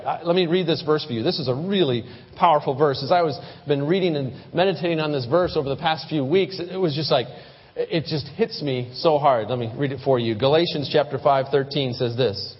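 Pastor guy giving a sermon, kinda high voice, stumbles on his first words a lot, muffled lo-fi sound with long reverb. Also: a little fast, breathy edge. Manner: conversational, repeats words when starting sentences.

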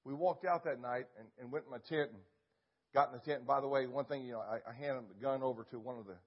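An older man, a pastor, telling a story in a sermon, animated and full of sound effects. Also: medium pitch, fast, husky, lo-fi sound.

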